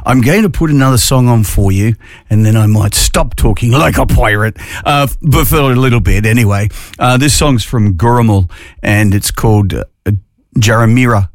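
A man's voice: medium pitch, moderate pace, no echo, studio quality. A man with an Australian accent presenting a radio show, introducing songs in a casual, easygoing, meandering way.

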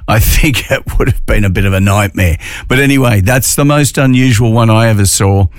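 Australian man, radio host, low-pitched, dry close studio sound, chatty, corny jokes. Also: a little fast, dry recording. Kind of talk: casual talk radio chat.

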